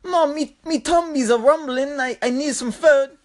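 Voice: high-pitched, normal speed, pitched above the performer's own voice, lightly acted. A speaker putting on a put-on Australian accent, voicing a young boy who pleads with his mother for food in a childish sing-song. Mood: whiny pleading.

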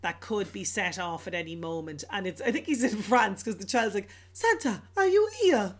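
A woman's voice: mid-range voice, fairly quick. A woman co-hosting a casual chat, retelling a film with laughter and put-on voices. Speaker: podcast co-host.

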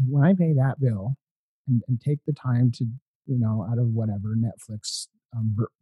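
A man hosting a podcast interview, talking in a rambling way with many halting restarts. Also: medium pitch, fairly even intonation, breathy edge, dry recording, narrow, tinny audio. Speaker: podcast host. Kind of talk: casual interview chat.

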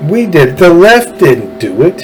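Ranting man, low-key dark tone. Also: big pitch swings, moderate pace, a little hiss or hum, low-quality recording. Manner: ranting, emphatic, repeats phrases. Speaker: political podcast host. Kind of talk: opinionated monologue.

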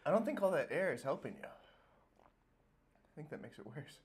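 A man's voice: a little high, a little fast. A man co-hosting a casual podcast, laughing and swearing while his mouth burns from a spicy chip. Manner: laughs and swears a lot, lively. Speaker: podcast co-host. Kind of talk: casual chat.

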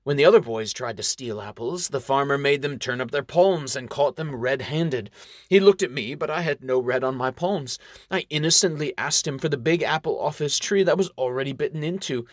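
A man's voice: medium pitch, moderate pace, dry recording, studio quality, natural voice. A man voicing a smug scheming baron. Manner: smug, lecturing, monologuing. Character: scheming gloating ambitious male baron, middle-aged. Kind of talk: audiobook character reading.

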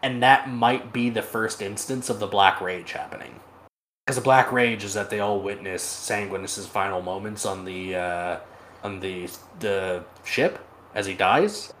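A man's voice: fairly low pitch, measured pace, a bit bright, a little hiss or hum. A man co-hosting a podcast, retelling a story in casual chat, swearing freely and laughing as he goes, recorded over a remote call. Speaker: podcast co-host. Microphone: remote call microphone.

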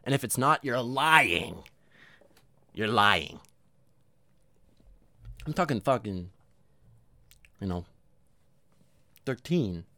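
Lively, rambling, profane male podcast host. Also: mid-range voice, drawn-out words, long pauses, no room sound. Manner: rambling, profane, self-mocking; energetic. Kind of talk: casual solo monologue.

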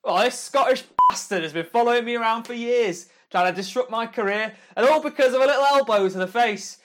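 An actor playing a drunk, brash football manager who swears and shouts in a comedy sketch. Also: male voice, extremely high pitch, a little fast. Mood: belligerent.

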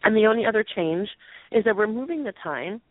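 Hoarse young woman on a phone line. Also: medium pitch, animated, a little fast, dry recording. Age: 20s. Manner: earnest, rambling with restarts and throat clearing. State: losing her voice, hoarse. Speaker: co-host of a call-in show. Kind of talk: casual show announcement. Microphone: phone call. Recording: tinny dry phone line.

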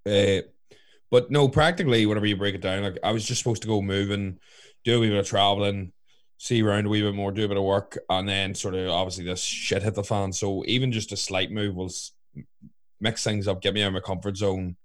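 A man's voice: fairly low pitch, steady tone, fairly quick, no echo, clean studio sound. A young man co-hosting a podcast, chatting casually in a rambling way, swearing and saying "like" a lot. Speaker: podcast co-host. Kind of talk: casual chat.

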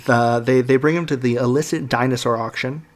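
A man's voice: mid-range voice, steady tone, fairly quick. A man in casual chat, recapping a film plot with hesitant fillers and restarts. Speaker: podcast co-host.

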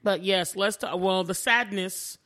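A woman co-hosting a podcast in relaxed conversation. She talks in an animated way and leaps up in pitch whenever she acts out what someone said. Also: measured pace. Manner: animated, acts out quotes with big pitch jumps. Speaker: podcast co-host. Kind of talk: casual chat.

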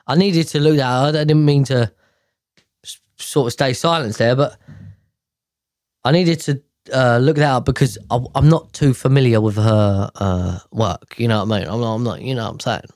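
A man talks in a loose, rambling monologue, restarting and correcting himself as he goes. His voice sits at an ordinary pitch, and the recording is dry and close. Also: normal speed, a little mellow, no echo. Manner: rambling, self-correcting, chatty. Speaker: host. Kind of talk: casual monologue.

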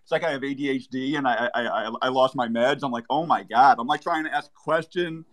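A man's voice: mid-range voice, fast, fairly bright tone. A man speaking as a guest on a live show, rambling and joking, often trailing off. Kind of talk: casual chat.

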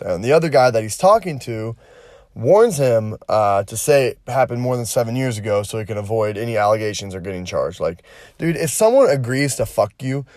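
A man's voice: medium pitch, darkish tone, no room sound. A man talks through the day's news in a loose, profane way, cracking jokes as he goes. His voice sits in an ordinary middle range. It is recorded dry and close, with no room sound. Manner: profane, blunt and joking. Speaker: podcast co-host. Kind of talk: casual news commentary.

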